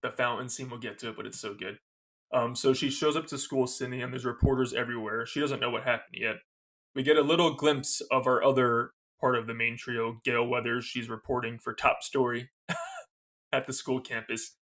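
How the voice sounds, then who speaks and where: Bright-voiced, gushing male podcaster. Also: medium pitch, steady tone, a little fast. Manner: enthusiastic, gushing fan retelling scenes; loose and rambling, with many fillers. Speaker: podcast co-host. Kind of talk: casual movie review recap.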